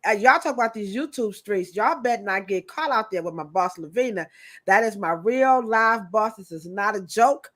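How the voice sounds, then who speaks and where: A woman co-hosting a hair podcast in a chatty, animated way, turning often to her co-host. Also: mid-range voice, normal speed. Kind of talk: casual podcast chat.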